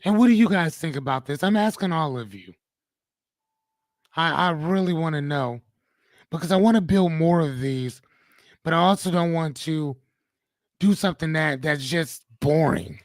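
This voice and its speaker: A man hosts a live coaching stream. He reads viewer comments and riffs on them in an animated, slangy, joking way. His voice sits a little high, and the sound is dry and close to the mic. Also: moderate pace, long pauses, dry recording. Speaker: host and coach.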